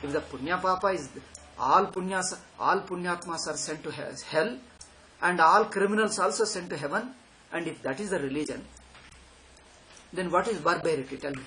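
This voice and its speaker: A man lectures students on spiritual matters in a fairly high voice. He talks with sarcastic emphasis and keeps circling back to repeat his points. A faint noise sits under the recording. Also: moderate pace, sharp tone, low-quality recording. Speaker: Vedanta teacher.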